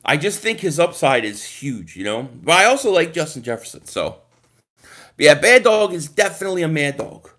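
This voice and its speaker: A man with a high, bright voice runs a casual sports livestream. He talks straight to his viewers, animated and freely swearing as he reads the chat. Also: moderate pace. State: groggy from a nap. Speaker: livestream host reading chat.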